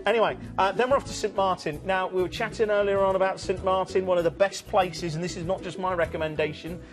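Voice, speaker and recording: A man from Southwest England, speaking with that region's accent, presents cruises on a TV shopping channel in chatty, jokey live sales patter. His high-pitched voice is fast and fairly even in intonation, and a music bed plays under it.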